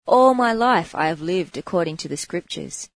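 A woman's voice: fairly low pitch, animated, normal speed, dry recording, rough recording. A woman voicing a self-righteous male monk who lectures and proclaims, in a spoken story. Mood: scolding. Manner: scolding, proclaiming.

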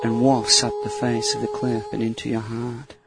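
A man leading a guided visualisation meditation in a slow, soothing voice. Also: medium pitch, completely flat delivery, gravelly.

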